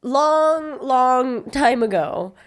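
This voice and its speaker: Lively, giggly young woman chatting. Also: high voice, clear, resonant tone. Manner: animated, giggly, quick to tease. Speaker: podcast co-host. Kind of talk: casual chat.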